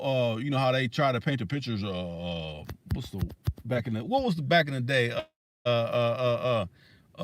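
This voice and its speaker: A man's voice: medium pitch, fairly bright tone, dry recording. A man hosting a livestream, ranting in a heated, profane way with many restarts and fillers. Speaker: livestream host. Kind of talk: casual rant on a livestream.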